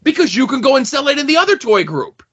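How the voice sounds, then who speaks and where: A man co-hosting a podcast in casual chat, telling stories in an animated, profane way. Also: extremely high pitch, fast. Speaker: podcast co-host. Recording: dull lo-fi podcast audio.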